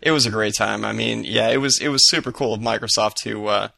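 A man's voice: fairly low pitch, fairly even intonation, fast talker, creaky, bright, forceful tone, no echo, clean studio sound. A man co-hosting a podcast, telling stories enthusiastically in casual chat with many fillers. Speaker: podcast co-host.

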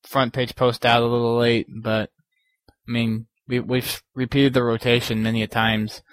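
A man's voice: medium pitch, little pitch movement, normal speed, a bit bright, dry recording, poor audio. A young man hosting a podcast, chatting in a rambling, giggly way and often restarting his sentences. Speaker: podcast host. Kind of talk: casual podcast chat.

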